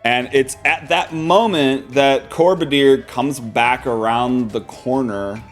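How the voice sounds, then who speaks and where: A man's voice: medium pitch, takes it slowly, soft background music. A man running a tabletop game as game master, narrating with lots of swearing and enthusiasm. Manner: profane, enthusiastic.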